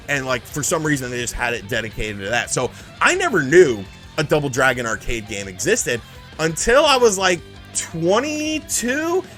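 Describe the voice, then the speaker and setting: A man casually telling a profane, animated story about retro video games, acting out the people in it. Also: medium pitch. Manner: profane, animated, acts out the people in his stories. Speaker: channel host.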